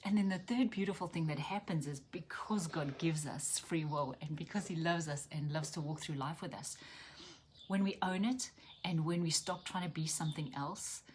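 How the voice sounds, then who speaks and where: Earnest woman teaching faith, soft asides. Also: low-pitched, moderate pace, a little hiss or hum. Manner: earnest, animated, keeps asking "right?". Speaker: Christian speaker and teacher. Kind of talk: devotional teaching talk.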